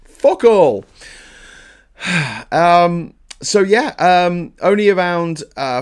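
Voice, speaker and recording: A man hosting a casual morning live stream, chatting, swearing freely and thanking viewers for their donations. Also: mid-range voice.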